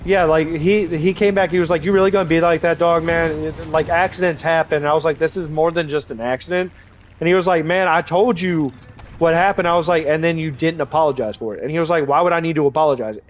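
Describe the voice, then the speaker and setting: Congested twenties male streamer, frank and rambling, a touch high-pitched, faint game noise under him. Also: quick pace. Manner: rambling, frank, many restarts and fillers. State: congested from draining sinuses. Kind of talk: casual livestream chat while gaming. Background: faint game vehicle noise.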